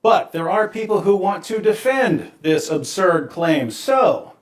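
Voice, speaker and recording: A man with a somewhat high voice explains his point in a calm, measured monologue with a dry, wry edge. He is recorded in an echoey room. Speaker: video creator.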